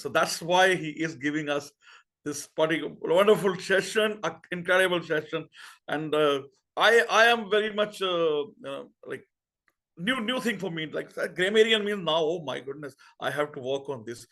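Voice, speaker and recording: A man hosting a speaking-club meeting, enthusiastic and effusive, often halting and restarting. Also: fairly high pitch, bright, forceful tone. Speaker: meeting master of ceremonies.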